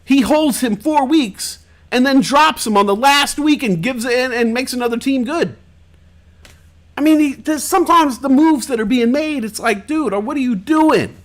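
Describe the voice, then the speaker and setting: A man hosting a live-stream talk show, telling stories in a casual, profane, animated way. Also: very high voice, normal speed.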